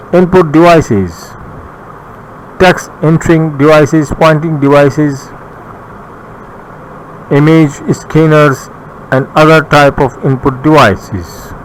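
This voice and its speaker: A man's voice: a little high, rough recording. Bangladeshi-accented male computer teacher. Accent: Bangladeshi English. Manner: reads notes slowly with pauses, occasional restarts. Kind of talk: recorded classroom lecture. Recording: faint background noise.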